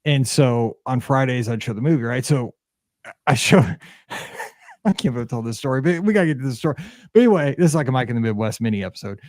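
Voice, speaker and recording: A man hosting a podcast, chatting casually as a rambling, animated storyteller full of fillers. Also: medium pitch, quick pace, no echo, clean studio sound. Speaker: podcast host.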